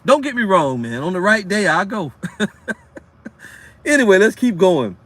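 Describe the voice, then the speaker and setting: A man's voice: high-pitched, sing-song, fairly bright tone. A man preaching in a casual, blunt way, reading scripture aloud and breaking into profane, streetwise commentary. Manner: reads verses aloud slowly between rants.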